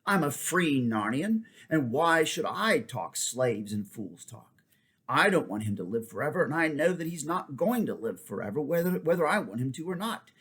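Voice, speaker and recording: A man's voice: a little high, sing-song, fairly bright tone, pitched above the performer's own voice. A man reading as a proud, scornful talking war horse. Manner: brisk, commanding, a little contemptuous. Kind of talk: audiobook character voice.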